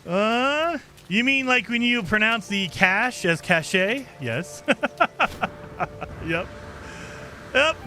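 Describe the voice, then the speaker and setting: Lively, bright-voiced male game streamer. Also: sits high, slow pace, pauses often. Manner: joking, teasing, laughs often. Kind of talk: casual live commentary while playing.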